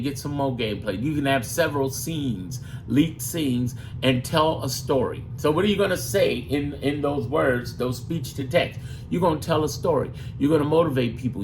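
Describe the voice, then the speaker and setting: A man's voice: on the high side, slight background noise. A man giving a brash, profane how-to talk as a gaming YouTuber, often slipping into put-on voices. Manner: fond of breaking into put-on voices. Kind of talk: casual how-to talk to camera.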